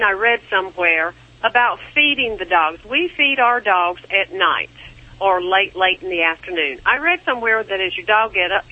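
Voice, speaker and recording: A woman's voice: mid-range voice, breathy edge. Woman calling in over a dull phone line. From southern Alabama. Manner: friendly, laughs easily. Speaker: caller.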